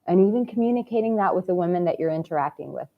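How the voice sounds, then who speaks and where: A woman's voice: fairly low pitch, animated, rapid-fire. Effusive woman coach, dull lo-fi sound. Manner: effusive, swings from hushed tenderness to loud exuberant outbursts, swears casually. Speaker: dating coach. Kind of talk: heartfelt motivational vlog talk.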